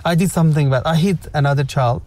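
A man's voice: a little high, quick pace, dark tone. A man hosting a casual parenting discussion, coaching the group with examples and practice prompts. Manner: coaching, gives examples and role-play prompts.

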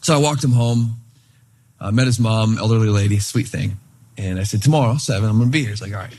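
Husky-voiced man preaching conversationally. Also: lowish voice, fast talker. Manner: conversational, animated retelling with quoted voices. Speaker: pastor. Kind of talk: sermon storytelling.

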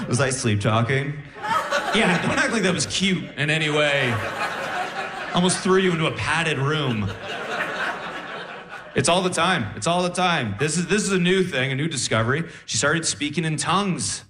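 A young man performing stand-up comedy on a club stage, animated and jumping into squeaky voices for punchlines. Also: normal speed, long pauses. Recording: roomy club sound with crowd laughter.

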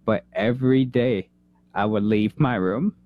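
A man in his thirties, a veteran, telling an emotional personal story in an interview, earnest and halting, holding back tears. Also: fairly low pitch, dry recording, narrow, tinny audio. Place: San Antonio, Texas.

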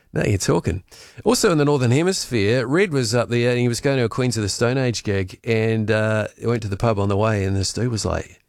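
A man's voice: medium pitch, fairly quick, gravelly, dry recording. A chatty man banters on a radio show, jokey and breezy. His studio voice sounds close and dry, with no room sound at all. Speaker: radio host. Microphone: studio mic.

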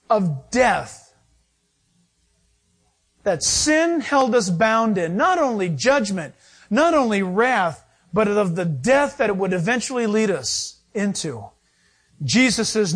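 A man's voice: high-pitched, very animated, slow pace, pauses often. A middle-aged male pastor preaching a sermon, acting out quotes and laughing as he goes.

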